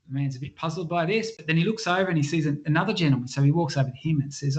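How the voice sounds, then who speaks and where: A man's voice: on the high side, racing. A man giving a motivational health talk, telling stories and acting out the voices of people in them. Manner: animated storyteller, acts out quoted voices. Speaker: health speaker. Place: church health event.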